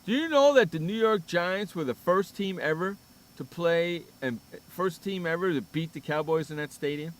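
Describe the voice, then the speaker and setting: A brash man hosting sports talk radio, teasing and boastful. His voice sits a little high for a man, and he keeps the talk loose and casual. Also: normal speed.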